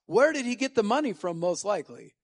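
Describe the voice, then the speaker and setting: A man with a fairly high voice reading scripture aloud and explaining it in a casual, conversational way. He talks informally between the verses, like a Bible teacher working through a passage. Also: very animated, a little fast. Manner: conversational, with fillers and restarts.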